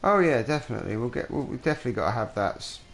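A man's voice: mid-range voice, lively intonation, rapid-fire, vocal fry. A man hosting a charity gaming stream, chatting in a friendly, upbeat way with friends on a call. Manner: upbeat, friendly, says mate. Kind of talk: casual chat over voice call.

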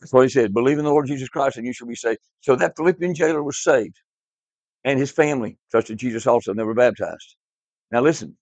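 A man's voice: medium pitch, lively intonation, a little fast, a little mellow, no room sound. A man teaching a class Bible lesson, emphatic and repetitive, quizzing his students in a classroom. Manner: emphatic, repeats key words, quizzes the class. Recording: dull lo-fi, dry.

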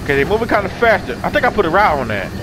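A man giving casual, excitable let's-play commentary, swearing freely and talking to his viewers and the game's characters. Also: sits high, rapid-fire, background noise. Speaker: gaming video host.

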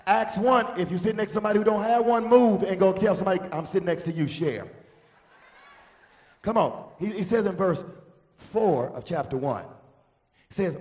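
A pastor preaching a sermon, leading the congregation in call-and-response and swinging from quiet speech to shouting. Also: male voice, high-pitched, normal speed, long pauses, roomy sound. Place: church sanctuary.

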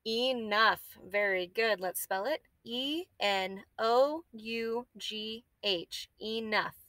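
Woman teacher, reading lesson for kids, encouraging, crisp and bright, dry close sound. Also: on the high side, no room sound. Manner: encouraging, spells words slowly letter by letter. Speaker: elementary school teacher. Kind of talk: guided reading lesson for children.

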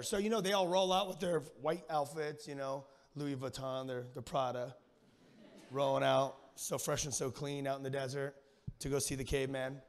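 A man preaching a sermon as a guest speaker, energetic and slangy, telling stories with animated delivery. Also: medium pitch, normal speed. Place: church sanctuary. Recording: long church hall reverb.

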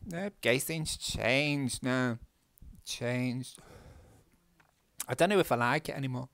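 A man's voice: mid-range voice, takes it slowly, a bit bright, no echo. A man with a Northern English accent, chatting casually and swearing freely as he tells a story while playing a game. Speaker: gaming vlogger.

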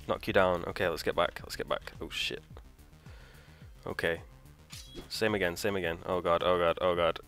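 A man hosting a let's play, thinking aloud, trailing off, swearing and shouting in frustration as he plays. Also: sits low. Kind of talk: live gameplay commentary.

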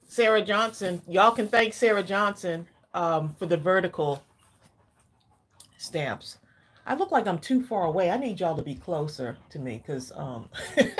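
A woman chats with her live-stream viewers from a home craft room. Her voice is low and a little husky, and she sounds slightly out of breath. She talks casually and calls her audience y'all. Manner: chatty, addresses viewers as y'all. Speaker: craft channel host.

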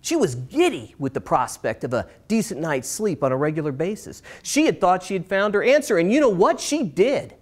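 A middle-aged man performs a personal story for a live audience. His delivery swings between brighter, lifted passages and quiet, slowed moments. He leans on dramatic pauses. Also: on the high side, very animated. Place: stage in a small performance space.

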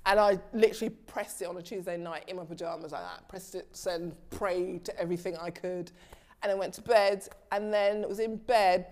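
A woman's voice: fairly low pitch, normal speed. A woman from London with a London accent, a TV director being interviewed, telling her story casually with frequent laughs and acted-out dialogue. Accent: London English. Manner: lively, laughs often, acts out quoted dialogue.

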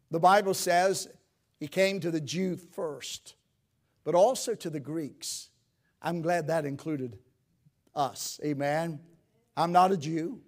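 A male pastor preaches a sermon in church, his slightly high voice climbing to loud, emphatic peaks and then falling to quiet pleading. He uses old scripture phrasing.

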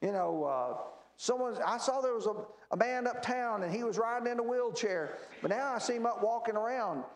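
A man's voice: extremely high pitch, animated, moderate pace, few pauses. A man teaching a Bible class in a church, explaining verses and asking the class rhetorical questions. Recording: echoey church room.

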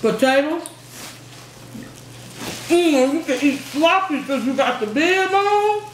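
A woman's voice: high-pitched, expressive, slow. Playful young woman hosting a food vlog. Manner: playful, laughing, says "period" often. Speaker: mukbang vlog host. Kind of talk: casual chat while eating. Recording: echoey room with background noise.

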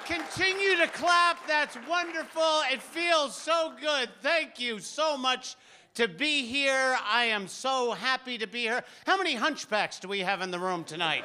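Flamboyant high-voiced stand-up man. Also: lively intonation, moderate pace, pushed and bright, a faint crowd. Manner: high, theatrical, flamboyant delivery. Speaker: stand-up comedian. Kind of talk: stand-up comedy. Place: comedy club stage.

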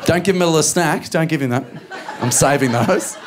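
A man in his forties with an Australian accent, performing a stand-up comedy routine on stage and telling stories with acted-out voices and sudden shouts. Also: on the high side, fairly quick, background noise. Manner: animated storytelling, acting out voices and shouts. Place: comedy venue stage with a live audience.

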